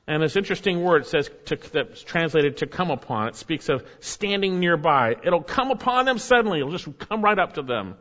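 A man preaching a sermon with earnest emphasis, often dropping his voice low and soft to stress a point. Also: big pitch swings, normal speed, hardly any pauses. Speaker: pastor. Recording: dull sound with long hall reverb.

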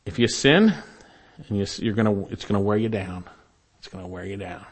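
A man preaching a sermon as pastor, earnest and deliberate, slowing down and dropping softer at the ends of phrases for emphasis. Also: mid-range voice.

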